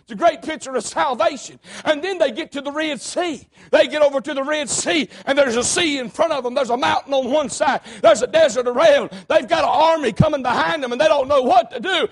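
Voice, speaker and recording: A preacher, giving a fervent sermon, often shouting, with a folksy storytelling manner. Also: male voice, extremely high pitch, fairly quick, hardly any pauses.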